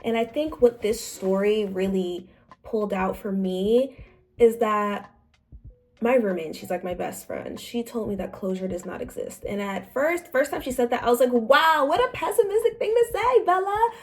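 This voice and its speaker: A woman's voice: medium pitch, big pitch swings, moderate pace, a little mellow. A young woman talking casually about a book she read, chatty and acting out the characters' lines. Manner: chatty, acts out quotes in different voices. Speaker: book club vlogger.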